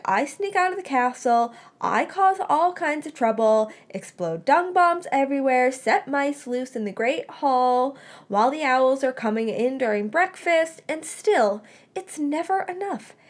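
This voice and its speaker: A woman's voice: sits high, voice pushed up. A woman voicing a teenage boy wizard who is wry and teasing, with a dry, joking, mock self-pitying manner.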